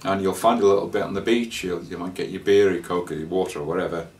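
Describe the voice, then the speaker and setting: A man's voice: deep voice, fairly even intonation, a little mellow. Rambling man, slightly distant mic. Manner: rambling, halting with many fillers and restarts. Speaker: traveller sharing scam warnings. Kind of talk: casual spoken anecdote.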